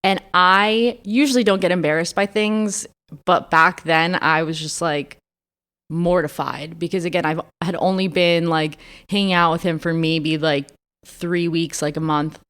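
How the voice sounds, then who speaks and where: Young female podcast co-host, slightly low voice, candid and profane, lots of "like". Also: fairly even intonation, unhurried, a bit bright, clean tone. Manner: candid storytelling, frequent swearing and laughter, lots of "like". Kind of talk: casual chat.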